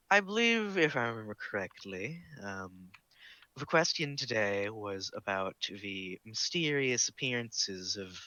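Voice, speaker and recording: A man's voice: medium pitch, pushed and bright, no echo, lo-fi sound. A man narrating as game master of a tabletop game in online voice chat, casual and full of fillers.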